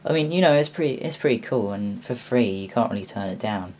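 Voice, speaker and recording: Young man, low voice, rambling and casual, dull lo-fi recording, faint hiss. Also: expressive, brisk, darkish tone. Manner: rambling, many ums and restarts. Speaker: video host reviewing a game store. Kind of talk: casual video walkthrough.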